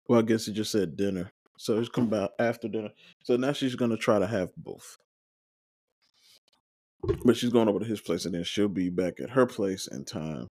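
A man talks through an episode recap in an easygoing, meandering way, tossing in fillers as he goes. His voice sits on the lower side and sounds warm and mellow. It's recorded close and dry, with no room sound. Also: normal speed, dry recording. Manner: rambling, loose retelling with fillers. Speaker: podcast host.

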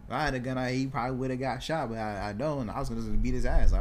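A young man talks fast and animated, telling a street story in casual podcast chat. He acts out the voices of the people in it and swears freely. A faint hiss runs under his voice. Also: mid-range voice.

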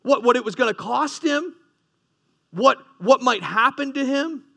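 A man's voice: extremely high pitch, expressive, unhurried, vocal fry, sharp tone. A man preaching a sermon, earnest, with rising emphasis and frequent restarts. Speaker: pastor.

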